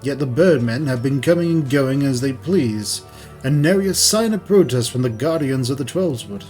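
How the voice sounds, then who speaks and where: A formal, courteous gentleman from a fantasy game, read aloud by a man, worried and choosing stiff, archaic words. His voice sits at a middle pitch. Soft music runs behind. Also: expressive, moderate pace, natural voice. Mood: concerned.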